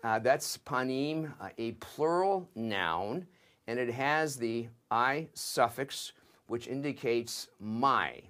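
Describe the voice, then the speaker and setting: An older man, a seminary professor, giving a slow and methodical lesson that works through a Hebrew scripture text word by word. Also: mid-range voice, lively intonation, fairly bright tone.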